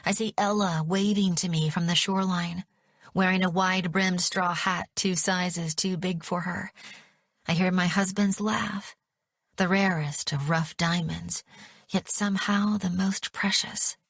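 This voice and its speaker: Woman narrator, first-person audiobook, unhurried, lower voice. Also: fairly even intonation, no echo, studio quality. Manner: measured, dramatic.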